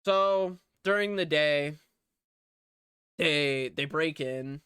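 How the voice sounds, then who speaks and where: Slow, smooth-voiced man recapping a film. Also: on the high side, bright, forceful tone, no room sound, studio quality. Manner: rambling, profane, filler-heavy. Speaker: movie reviewer. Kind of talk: casual movie plot recap.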